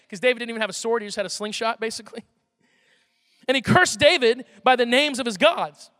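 A pastor preaching a sermon, animated and conversational, with emphatic outbursts. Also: male voice, extremely high pitch, a little fast, long pauses, clean studio sound. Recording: reverberant hall, faint music.

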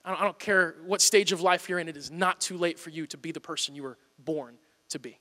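A man preaching a sermon in a church, earnest, moving between loud urging and quiet pleading. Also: fairly high pitch, fairly quick, in a large hall. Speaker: pastor. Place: church auditorium.

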